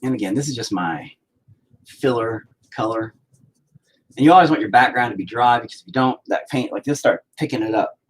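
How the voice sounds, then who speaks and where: This painting vlogger has a mid-range voice and speaks fairly quickly, chatting as he works. His talk is profane, self-mocking rambling, with slight background noise.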